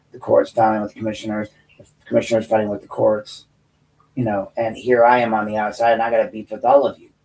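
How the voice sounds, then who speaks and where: A man's voice: on the low side, darkish tone, distant mic, low-quality recording. A man from the United States hosting his own show, ranting bluntly and profanely to viewers with frequent restarts. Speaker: host and political commentator. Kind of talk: unscripted rant to viewers.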